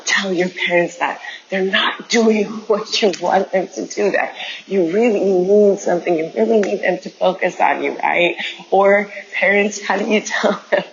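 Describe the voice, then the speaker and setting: A woman's voice: mid-range voice, gravelly, lo-fi sound. A woman teaching an online dance class, coaching movement step by step and counting out the beats. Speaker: dance instructor.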